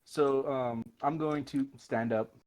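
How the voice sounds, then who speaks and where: A man with an ordinary mid-range voice plays his character at a tabletop game. He talks in a relaxed way and stammers, repeating words as he works out what his character does. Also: mid-range voice, slow. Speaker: player.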